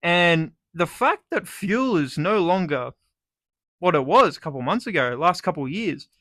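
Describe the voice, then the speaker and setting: Bright, sweary young Australian guy. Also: fairly high pitch, unhurried, no room sound, clean studio sound. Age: young adult. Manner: sweary, sarcastic, animated. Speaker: vlogger. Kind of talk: comedic rant.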